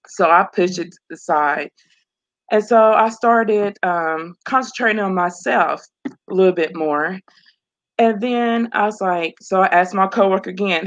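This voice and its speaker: A woman's voice: mid-range voice, a little slow, fairly bright tone. A woman speaking earnestly about her own life, returning to phrases and laughing between them. The sound is a bit dull and lo-fi, in the middle of her register. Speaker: program graduate guest. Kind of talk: emotional personal testimony.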